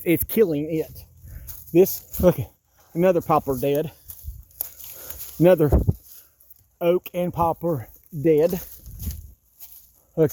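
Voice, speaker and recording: A man's voice: on the high side, mellow. A man in his fifties walking outdoors through his wooded yard, talking in an agitated, exasperated rant that repeats itself. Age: 50s. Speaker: vlogger. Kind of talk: walking-tour vlog rant.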